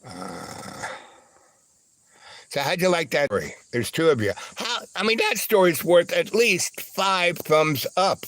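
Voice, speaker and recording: A man hosting a livestream, telling a long rambling anecdote full of fillers and asides, now and then squealing in a high voice for the people in his story. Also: big pitch swings, slow pace, a bit bright, dry recording. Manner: acts out other voices with big high squeals. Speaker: livestream host.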